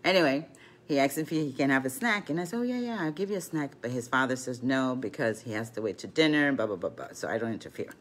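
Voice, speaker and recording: A woman's voice: very deep voice, expressive, quick pace. An older woman and grandmother telling a rambling story between rune and card readings, full of "you know" asides, as a casual vlog.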